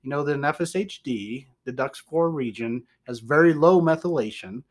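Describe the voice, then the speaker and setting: A man's voice: a little high, moderate pace. A man with a Southern US accent hosts a podcast conversation. His talk is rambling and folksy: he chuckles, trails off and circles back to his point. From American Midwest. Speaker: podcast host. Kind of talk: casual podcast chat.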